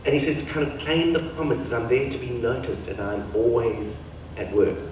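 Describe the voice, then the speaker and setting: A man's voice: mid-range voice, moderate pace, darkish tone, a little hiss or hum. A man preaching a sermon as pastor, in a conversational style that acts out the quoted voices. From Australia. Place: church hall. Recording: echoey hall from far off.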